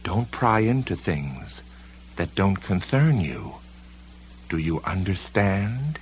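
A man putting on a slow, menacing library policeman. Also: low-pitched, very animated, muffled recording, slight background noise, heavily acted. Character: menacing male library policeman, cold and threatening.

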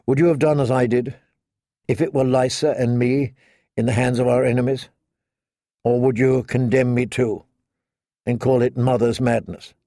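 A man's voice: medium pitch, steady tone, normal speed, long pauses, mellow, dry recording, studio quality, lightly acted. Man reading as a grieving noblewoman. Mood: troubled. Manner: urgent, questioning. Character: grown noblewoman, grieving and anxious.

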